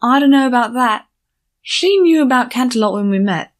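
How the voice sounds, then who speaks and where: Cheeky young mare pony, a woman reading her, breezy and innocent-sounding, pitched up high. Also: lively intonation, normal speed, lightly acted. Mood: teasing. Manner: breezy, teasing, feigned innocence. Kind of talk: audiobook character voice.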